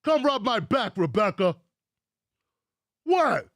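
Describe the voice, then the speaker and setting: Guy putting on a crude old-school boss, high lively voice, keeps going "what's wrong", dry sound. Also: slow pace, no echo, heavily acted. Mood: mock-innocent. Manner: mock-innocent, repeating "what's wrong".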